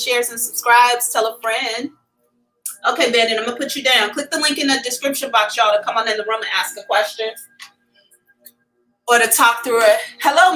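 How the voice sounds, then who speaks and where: Woman, middle-aged, psychic livestream host, casual and candid, crisp bright tone. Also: fairly high pitch, poor audio. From America. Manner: candid, chatty, addresses viewers as y'all.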